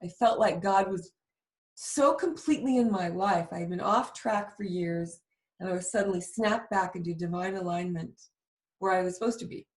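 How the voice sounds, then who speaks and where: A woman's voice: lowish voice, normal speed, echoey room. A woman host telling a heartfelt personal story in a candid, vivid way during a conversation. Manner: emotional, vivid confessional storytelling. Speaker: show host.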